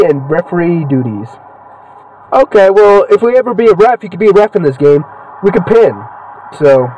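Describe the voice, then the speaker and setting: A young man talks through a video game, loose and excitable, trading cheers for heckles. His voice sits high and leaps all over the place. He sounds a little away from the microphone. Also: far from the mic, slight background noise, low-quality recording. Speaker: gaming channel host. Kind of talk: casual gameplay commentary.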